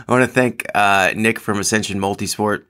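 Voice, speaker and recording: A man's voice: fairly low pitch, fairly even intonation, fairly quick, pushed and bright, smooth. A man hosting his own podcast in casual solo chat, rambling with lots of ums and restarts, joking at his own expense. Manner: rambling, full of ums and restarts, self-deprecating. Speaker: podcast host.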